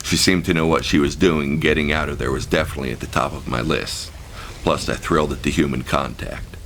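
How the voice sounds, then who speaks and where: A man reads his memoir as an audiobook, frank and vivid, with crude language. His voice is extremely deep and gravelly. A faint hiss of noise sits behind him. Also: a bit bright. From United States. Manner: frank, profane, vivid storytelling. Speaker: author-narrator.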